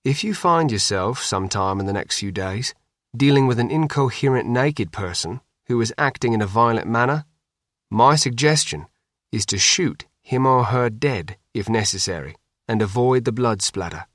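A man voicing a calm, guarded middle-aged father who speaks in measured, careful sentences. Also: medium pitch, no echo, clean studio sound, natural voice. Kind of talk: audiobook reading.

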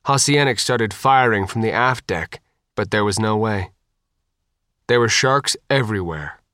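A man's voice: fairly low pitch, a little slow, pushed and bright, no echo, studio quality. A man reading an audiobook aloud, with dramatic pacing and voices for every character. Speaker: audiobook narrator. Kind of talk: scripted audiobook narration.

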